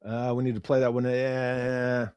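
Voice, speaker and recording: A man hosting a casual livestream, reading viewer comments aloud and reacting bluntly with lots of swearing, his voice swinging from loud outbursts to muttered asides. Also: medium pitch, monotone, a little slow, smooth, no room sound. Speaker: livestream host.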